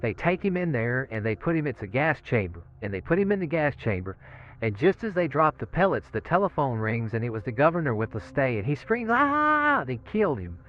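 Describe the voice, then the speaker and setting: A man's voice: medium pitch, big pitch swings, brisk. A man who is a death row inmate talks in a recorded interview, telling stories in a rambling way with laughs and frequent "you know what I'm saying.". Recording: muffled lo-fi phone-like line.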